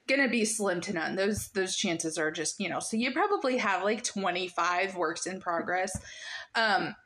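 Female podcast host, casual and chatty, mid-pitched, lots of ums. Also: a bit bright. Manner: chatty, many fillers, laughs easily.

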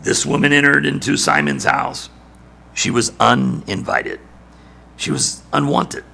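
A male preacher giving a dramatic sermon, building to shouts and dropping to near-whispers. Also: fairly low pitch, big pitch swings, unhurried, creaky.

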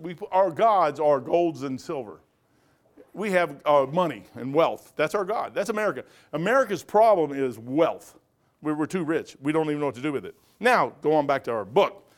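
Emphatic folksy preacher man. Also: fairly high pitch. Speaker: pastor. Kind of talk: Bible study preaching.

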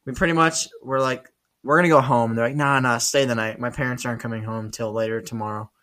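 A man's voice: mid-range voice, quick pace. A young man, a podcast co-host, telling stories in casual chat, swearing often and laughing along. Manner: swears often, animated storyteller, laughs mid-story.

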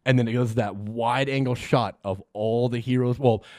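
Young man, podcast co-host, excitable, sweary, laughs a lot, close dry sound. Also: medium pitch, moderate pace, dry recording. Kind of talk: casual movie review chat.

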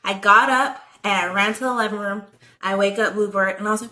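Bright-voiced young woman telling a story. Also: medium pitch, fast talker, poor audio. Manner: animated, profane, many "like" fillers. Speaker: guest telling a personal story. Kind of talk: casual storytelling chat.

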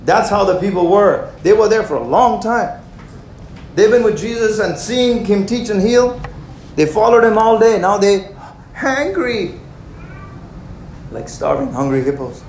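Animated high-voiced young male preacher. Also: a little slow, long pauses, slight background noise. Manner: animated, conversational, joking. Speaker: pastor. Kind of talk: sermon. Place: church hall. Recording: roomy hall with faint ambience.

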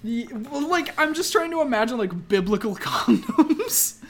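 A man's voice: extremely high pitch, lively intonation, moderate pace. A man co-hosting a podcast in casual comedic chat, laughing often and swearing freely as he acts out silly scenes. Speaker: podcast co-host.

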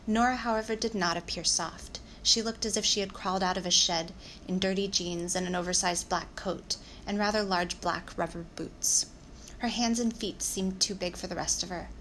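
A woman reading a children's novel aloud in a calm, measured storytelling voice. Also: mid-range voice, slight background noise, low-quality recording. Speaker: audiobook narrator. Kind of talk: audiobook narration.

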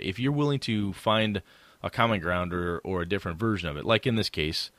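A man's voice: fairly low pitch, fairly quick, dry recording. A man co-hosting a tabletop gaming podcast, chatting casually and acting out what players and game masters might say. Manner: animated, acts out quoted players and game masters. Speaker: podcast co-host. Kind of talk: casual chat.

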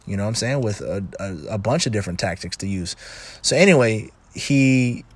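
A middle-aged man with a fairly low voice speaks in a loose, rambling monologue. He restarts his sentences often and drifts into asides. He slips into animated quoted voices when retelling a scene. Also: moderate pace, breathy edge, no room sound. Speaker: commentator on relationships. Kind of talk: casual monologue.

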